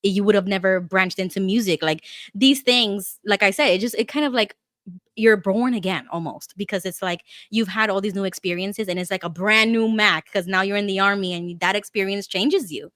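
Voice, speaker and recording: A woman interviewing a guest in a conversational way, often backing him up with short affirmations and asking gentle follow-up questions. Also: medium pitch, a little fast, no room sound, clean studio sound. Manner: supportive, with frequent short affirmations.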